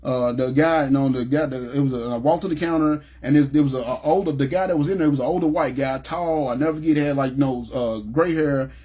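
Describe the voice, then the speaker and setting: A man's voice: mid-range voice, brisk, hardly any pauses, mellow. A man telling his personal testimony in a casual storytelling way, often checking in with "you know what I'm saying" and acting out what people said. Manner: conversational, acts out quoted speech, frequent "you know what I'm saying".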